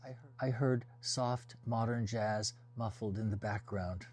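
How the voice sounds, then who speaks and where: Man narrating a story, measured pace. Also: lowish voice, fairly even intonation, a little mellow. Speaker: audiobook reader. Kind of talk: first-person audiobook narration.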